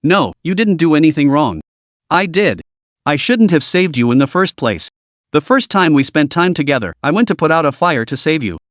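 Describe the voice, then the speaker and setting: A man's voice: fairly high pitch, animated, moderate pace, no room sound, studio quality, close to an everyday voice. A man voicing a young man who is a blunt, bitter street vendor, reading him in a storybook recap. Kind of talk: storybook narration.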